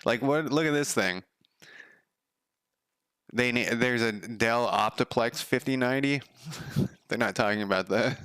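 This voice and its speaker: Gravelly, swearing streamer guy. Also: on the low side, sharp tone, dry recording. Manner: profane, sardonic, rambling. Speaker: game developer streamer. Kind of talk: casual live coding commentary.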